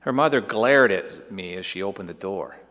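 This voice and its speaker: Joseph, an earnest young son pouring out a tender memory to his mother, as a man plays him. The voice sits a little low and is heartfelt, told as a storytelling monologue. A long hall reverb trails every line. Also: lively intonation, normal speed, a bit bright. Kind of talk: dramatic first-person monologue.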